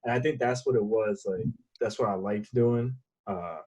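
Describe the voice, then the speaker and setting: A man's voice: on the low side, moderate pace, darkish tone, husky. A man chatting casually on a video call, laid-back and full of slang, with "bro" and "like" in every sentence. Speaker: guest.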